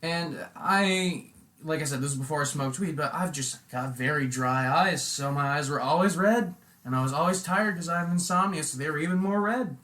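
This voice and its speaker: A man in casual podcast chat, telling stories in a relaxed way full of "like" and "you know". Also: fairly high pitch, moderate pace. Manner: relaxed storytelling, loose with fillers like "like".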